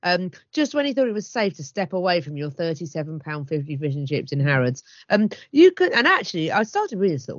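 A woman's voice: lowish voice, fairly quick, hardly any pauses, dry recording. Woman cohosting a podcast, wry and chatty, lo-fi dull sound. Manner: chatty, wry, lively delivery. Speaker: podcast co-host. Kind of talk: casual chat. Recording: dull lo-fi dry recording.

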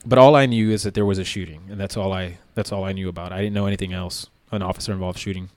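A man's voice: sits low, fast talker, no echo. A man, a former police officer, recounting a story casually with lots of fillers. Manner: relaxed, rambling with many fillers.

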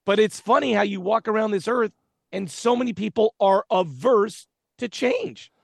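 A man's voice: sits high, normal speed, gravelly, no echo, studio quality. A man co-hosting a casual talk show about faith, speaking in an earnest, reflective way. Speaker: podcast co-host.

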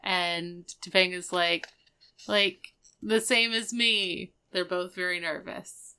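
A woman's voice: fairly low pitch, steady tone, takes it slowly, bright, forceful tone, clear, resonant tone. A woman co-hosting a casual podcast, recapping a sitcom episode and acting out the characters' lines as she goes. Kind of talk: casual chat.

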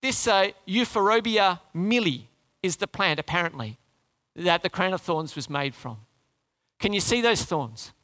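A man preaching a sermon, retelling a story with rhetorical questions and dramatic drops into a low, quiet voice. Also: lively intonation, unhurried.

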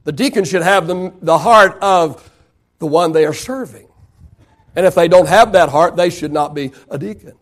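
A man's voice: fairly high pitch, moderate pace. A man preaching a sermon as pastor, building emphasis and asking the congregation rhetorical questions.

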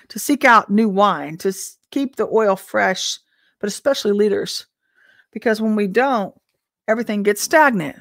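A woman teacher and minister giving informal prophetic teaching in a conversational way, full of rhetorical questions and an occasional throat clearing. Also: medium pitch, fairly bright tone, dry recording, studio quality.

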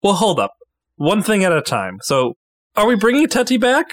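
A woman's voice: mid-range voice, wildly swooping pitch, moderate pace, no room sound, studio quality. A woman playing a tabletop role-playing game, speaking hesitantly and often repeating her words. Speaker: player. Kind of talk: casual tabletop role-play.

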